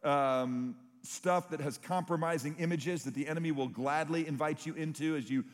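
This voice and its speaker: A man's voice: on the high side, moderate pace, long reverb tail. A man preaching a sermon, telling stories with rising emphasis. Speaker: pastor.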